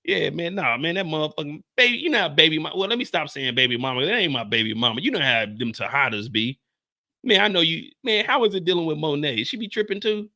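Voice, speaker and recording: Man, live-stream recap host, high bright voice, profane, animated. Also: quick pace. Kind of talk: live-stream episode commentary.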